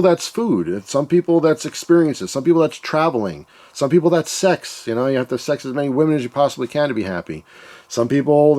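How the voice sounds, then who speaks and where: A channel host talks through a relaxed, reflective monologue, his voice medium in pitch with a darkish tone. He wanders from point to point, speaking openly and admitting he's emotional.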